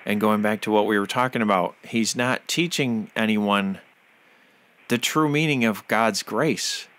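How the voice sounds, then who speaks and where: A man's voice: fairly low pitch, measured pace, fairly bright tone. A man hosting a podcast interview, who talks in a fervent, preachy way and often uses religious phrases. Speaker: podcast host.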